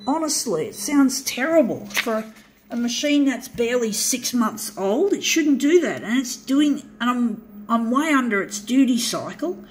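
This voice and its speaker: A woman with an Australian accent rants in a casual, profane monologue, full of sarcastic griping. Her voice sits a little high for a woman. A faint hum of noise runs underneath. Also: very animated, unhurried, rough recording. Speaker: vlogger. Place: room with a running copier.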